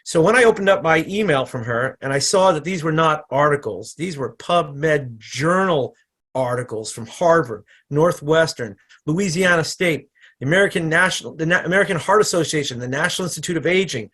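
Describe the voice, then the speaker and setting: A man, a chiropractor, giving a casual, energetic product training on an online call, often repeating himself and restarting sentences. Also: on the high side, normal speed. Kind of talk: casual presentation on a video call. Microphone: computer microphone on an online call.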